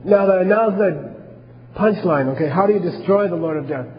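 A man's voice: high voice, normal speed, big-room sound, highs cut off, a little hiss or hum. A man teaching a class on Buddhism, talking casually and asking his listeners questions as he goes.

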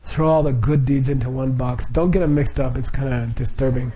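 A man's voice: mid-range voice, fairly quick, dark tone, slightly rough. A middle-aged man leading a Buddhist group, explaining the practice informally with frequent chuckles, fillers and restarts.

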